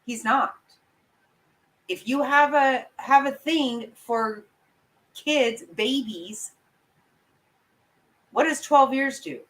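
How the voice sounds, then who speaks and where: A woman's voice: high-pitched, very slow, long pauses, a bit bright, low-quality recording. A woman giving angry, blunt, profane commentary as a vlogger, talking straight to her viewers. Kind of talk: opinionated live commentary.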